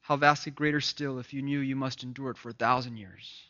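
A male preacher delivers a fervent sermon. He swings from loud, ringing emphasis to hushed, grave lines. His voice is bright and tense, and the recording sounds dull and lo-fi. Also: medium pitch, steady tone, a little fast. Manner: impassioned, swings from loud to hushed, repeats words.

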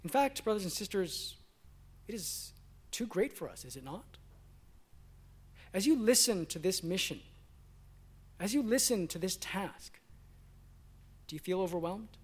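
A pastor preaching a sermon, swinging between emphatic declarations and hushed, quiet asides. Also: male voice, high-pitched, lively intonation, a little slow, long pauses, slightly rough.

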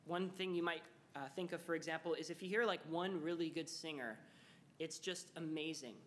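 A man's voice: fairly high pitch, steady tone, brisk, slight background noise. Chatty young man giving a casual talk. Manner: chatty, with many fillers; acts out quoted dialogue in storytelling. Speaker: speaker addressing students.

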